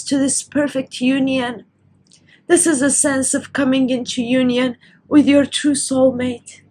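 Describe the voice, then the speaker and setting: A woman's voice: high voice, fairly even intonation, measured pace, darkish tone, slightly rough, poor audio. A woman giving a tarot reading to camera, her voice emotional and teary as she nears crying. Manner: tearful, overcome with emotion. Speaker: tarot reader.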